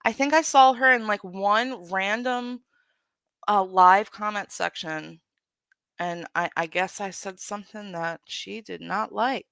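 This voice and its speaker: Streamer woman, blunt, profane rant, bright sharp tone, dry close sound. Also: medium pitch, a little slow, creaky, clear, resonant tone, no room sound. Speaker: livestream host. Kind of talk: heated livestream rant.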